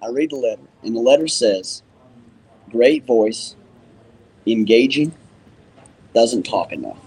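A man's voice: mid-range voice, measured pace, slightly rough, low-quality recording. A man, a rodeo announcer, telling stories in a casual interview and acting out the dialogue he quotes. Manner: animated storyteller who acts out quoted dialogue. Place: museum.

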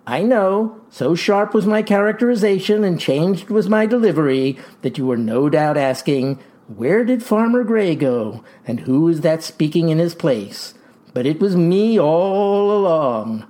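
An actor playing a folksy farmer pitching a tonic in a comic ad, with verbose, showman's patter. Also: expressive, unhurried, dark tone. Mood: boastful pitch. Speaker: pitchman in a mock radio ad. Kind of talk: comic radio ad acting.

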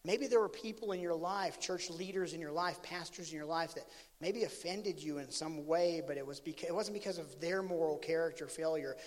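A man preaching and telling a story, with animated swings from loud outbursts to hushed asides. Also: fairly high pitch, in a large hall. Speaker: pastor. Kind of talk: sermon storytelling.

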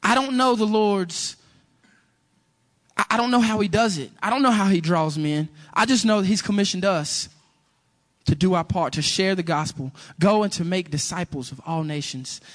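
A man's voice: high-pitched, normal speed. A man preaching a sermon and telling a personal story, acting out the dialogue as he goes. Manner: animated storytelling, acts out dialogue.

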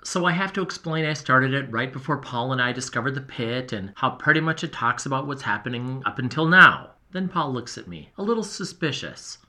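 Man doing an earnest boy explorer, confiding diary narration, animated pitch, crisp bright tone, audio story. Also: brisk, few pauses. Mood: excited. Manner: lively, emotional, confiding diary-style delivery. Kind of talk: first-person audio storytelling.

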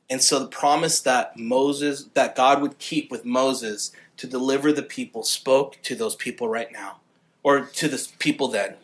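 A male pastor preaching a sermon with earnest passion, growing louder and more fervent on key points. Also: mid-range voice, fairly even intonation, a little slow.

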